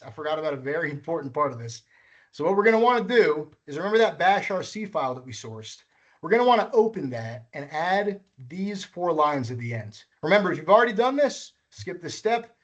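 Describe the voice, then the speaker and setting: A man leading a live coding workshop, walking through each step patiently and correcting himself as he goes. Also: high-pitched. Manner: patient, walks through steps, self-correcting. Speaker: workshop instructor.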